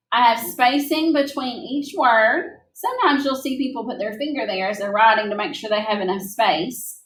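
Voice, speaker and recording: A young adult woman teaching a recorded lesson to young children, gentle and encouraging, speaking slowly and clearly. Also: a little high. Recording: echoey room.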